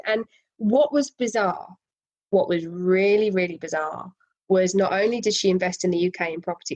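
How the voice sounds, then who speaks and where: Animated woman telling a story. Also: mid-range voice, low-quality recording. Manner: animated, laughs often, lively voice swings. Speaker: guest, property investor. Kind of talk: casual conversational storytelling.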